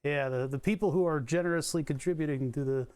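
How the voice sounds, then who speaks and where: A man's voice: on the high side, fast talker, a little mellow, smooth, no room sound. A man in his late thirties, chatting casually and joking on a live stream while he solders a circuit kit. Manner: joking, laughs often, rambling.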